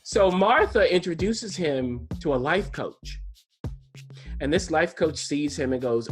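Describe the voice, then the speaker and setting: A man's voice: on the high side, animated, measured pace, soft background music. A man co-hosting a podcast, chatting enthusiastically through a TV show review with plenty of restarts and asides. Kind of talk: casual TV review chat.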